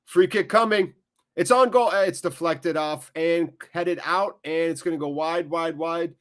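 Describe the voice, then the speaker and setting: An American man hosting a live football watchalong. He jokes and chats with viewers between quick play-by-play. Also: fairly high pitch. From United States. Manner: jokey, animated, quick play-by-play. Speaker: watchalong host.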